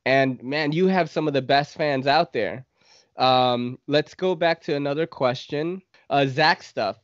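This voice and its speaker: A man's voice: a little high, unhurried, dry recording, highs cut off. A man hosting a casual podcast interview, reading out listener questions and laughing often. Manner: enthusiastic, laughs a lot, reads listener questions. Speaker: podcast host.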